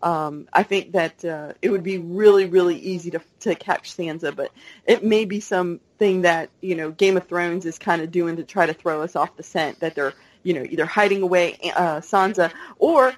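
A woman's voice: on the low side, normal speed, poor audio. A woman co-hosting a casual fan podcast, rambling and hesitant with many ums. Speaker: podcast co-host.

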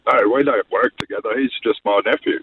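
A man's voice: mid-range voice, a little fast, natural voice. A man voicing his own uncle, a laid-back Australian man, easygoing and with his voice barely changed. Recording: noisy phone line.

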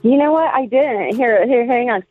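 A woman's voice: a little high, moderate pace, narrow, tinny audio, soft background music. A woman calling into a radio show, chatty and giggly. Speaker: radio caller. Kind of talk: phone call on radio.

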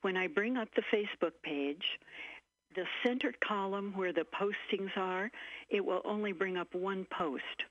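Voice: medium pitch, a little slow, fairly bright tone, no room sound. Hesitant radio caller, dry and muffled phone-in sound. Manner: hesitant, unsure. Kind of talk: phone-in question. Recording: dry, dull phone-in audio.

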